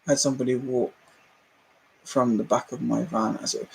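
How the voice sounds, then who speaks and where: A man's voice: mid-range voice, flat delivery, moderate pace, gravelly, pauses often. A man with a British accent hosting a live stream, ranting casually, laughing often and acting out the people in his stories. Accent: British English.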